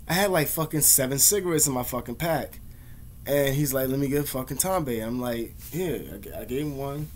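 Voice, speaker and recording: A young man spins loose, slang-filled stories packed with profanity in an easygoing, conversational way. His voice sits at an ordinary middle pitch, and a faint background noise runs under the recording. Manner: profane, slangy, laid-back storytelling. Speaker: vlogger. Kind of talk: casual storytelling.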